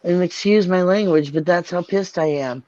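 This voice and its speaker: Venting in an angry livestream rant, this channel host curses and keeps circling back to the same points. Her fairly low, mellow voice moves at normal speed, captured in a dull lo-fi dry sound with no room sound.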